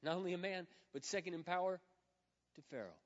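A man in his fifties delivers a sermon in a high voice, swinging dramatically between loud declarations and hushed asides. He acts out quoted prayers as he preaches. The sound is muffled and carries a long reverb from a church hall. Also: fairly quick. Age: 50s. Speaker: pastor.

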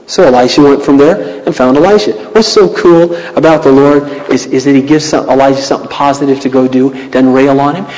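A man preaching a sermon as pastor, reading scripture aloud with dramatic, animated delivery. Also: high-pitched, in a large hall, rough recording.

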